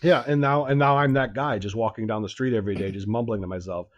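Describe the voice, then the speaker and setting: A man's voice: mid-range voice, fast, no echo, dull audio. Man spinning a bewildered anecdote, dry sound. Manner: animated anecdote-telling, acts out dialogue, laughs often. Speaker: podcast co-host telling a story. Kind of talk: casual chat, storytelling.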